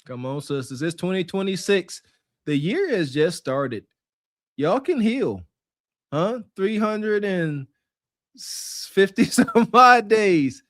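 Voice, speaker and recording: A man's voice: high-pitched, very animated, takes it slowly, fairly bright tone, no echo, clean studio sound. A man co-hosting a podcast who reacts to a clip with mocking, laughing commentary. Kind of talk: casual podcast reaction chat.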